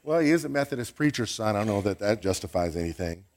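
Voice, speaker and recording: A man's voice: lowish voice, expressive, fast talker, darkish tone. Wry, chatty male preacher. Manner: conversational, wry, asks questions. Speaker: pastor. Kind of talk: sermon.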